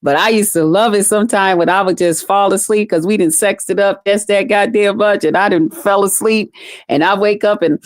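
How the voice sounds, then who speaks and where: A woman vlogger with a mid-range, animated voice talks at normal speed, chatting with live viewers and telling casual, profane stories straight to camera. She's blunt, salty and foul-mouthed, addressing her audience directly. The recording is dry and close-miked, with no room sound.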